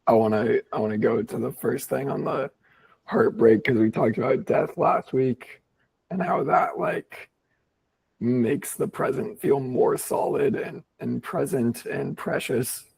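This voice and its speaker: A hoarse man whose voice is nearly gone, co-hosting a podcast in thoughtful, casual conversation that is sprinkled with swearing. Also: medium pitch, measured pace, darkish tone, poor audio. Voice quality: raspy, gravelly. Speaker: podcast co-host. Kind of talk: casual reflective chat.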